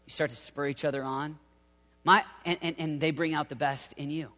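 High-voiced energetic male preacher in a hall. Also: normal speed. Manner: energetic, acts out quoted voices. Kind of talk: sermon. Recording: reverberant hall.

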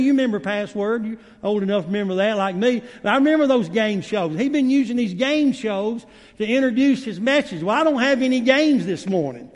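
A man preaching a sermon as guest preacher, in a folksy way with many fillers. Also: high voice. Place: church sanctuary. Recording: long reverb of a church hall.

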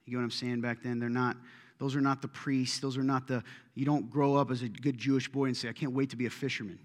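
A man's voice: mid-range voice, level tone, fairly quick. Conversational preacher man in a reverberant hall. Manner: conversational, joking, rising to emphatic preaching. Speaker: pastor. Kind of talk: sermon. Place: church sanctuary.

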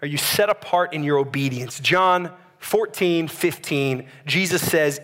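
A man, preaching a sermon as a pastor and telling a story in a conversational, animated way. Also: a little high, measured pace, hardly any pauses.

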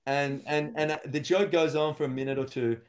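Speaking fairly quickly with a slightly high pitch and fairly even intonation, a young comedian rambles through stories in casual podcast chat. He acts out what the people in his tales said, doing their voices.

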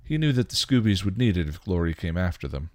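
Deep male reader, dry, for steady story narration. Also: fast, dry recording. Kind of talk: reading fan fiction aloud.

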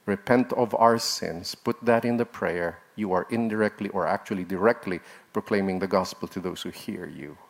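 A man's voice: low-pitched, moderate pace, vocal fry. A man preaching a sermon in an earnest, exhorting manner, his voice rising sharply at points of emphasis. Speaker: pastor.

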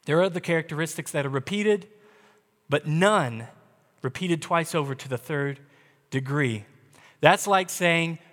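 A man preaching a sermon, emphatic, slowing down on key words and speeding through asides. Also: on the high side, a bit bright. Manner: emphatic, varies pace, slow deliberate stresses with quick asides. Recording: long hall reverb.

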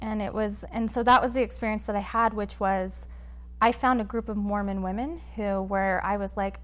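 A woman guest on a podcast, telling a personal story in a quick, animated way and acting out what others said. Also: medium pitch. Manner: animated, quick storyteller who acts out quotes. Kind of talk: conversational storytelling interview.

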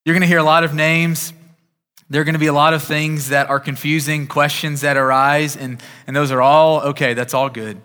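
A man with a fairly high, smooth voice preaches in a flat, brisk, pushed and bright way. The sermon unfolds conversationally with many restarted sentences, and the church sanctuary gives it the long reverb of a large hall.

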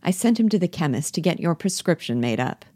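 A woman's voice: fairly low pitch, sing-song, brisk, mellow, no echo. A woman reading the part of a bitter, jealous young wife who pleads with her lover and mocks her husband. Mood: sarcastic. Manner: reproachful, cutting, pleading. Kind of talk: play reading.

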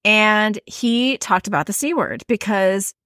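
A woman's voice: mid-range voice, lively intonation, measured pace, fairly bright tone, no echo, studio quality. A woman with a Midwestern American accent, co-hosting a podcast in casual, rambling chat full of fillers. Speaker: podcast co-host.

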